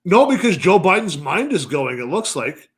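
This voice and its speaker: Dude rambling and swearing on a podcast, kinda high voice. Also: male voice, big pitch swings, moderate pace, slightly rough. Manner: profane, rambling, joking. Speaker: podcast co-host. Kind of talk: casual chat.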